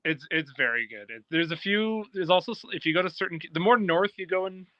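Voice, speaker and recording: A man's voice: high-pitched, brisk, dry recording. A man with a Canadian accent, friendly and chatty, talking as a guest on a video call. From Ontario, Canada. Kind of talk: casual video call chat. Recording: dull lo-fi video call audio.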